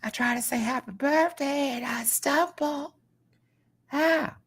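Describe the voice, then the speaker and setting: A woman putting on a high, breathy, drawn-out voice in a dazed impression of a female singer. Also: a bit bright, exaggerated voice. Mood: dreamy.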